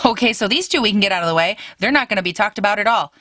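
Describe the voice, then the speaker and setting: A young woman chatting to camera in a gushing, animated makeup review. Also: medium pitch, racing, dry recording. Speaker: beauty vlogger.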